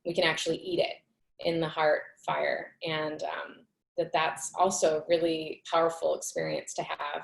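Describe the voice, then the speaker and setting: Woman host, lowish gravelly voice, earnest storyteller, roomy echo. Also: measured pace. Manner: earnest, animated retelling with many "like" fillers. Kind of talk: reflective personal storytelling in conversation.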